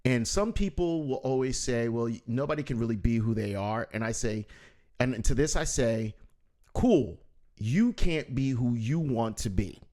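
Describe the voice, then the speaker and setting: Casting: middle-aged male comedian host, relaxed chat, animated storyteller who acts out quotes loudly. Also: mid-range voice, moderate pace. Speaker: podcast host and stand-up comedian. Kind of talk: casual conversational chat.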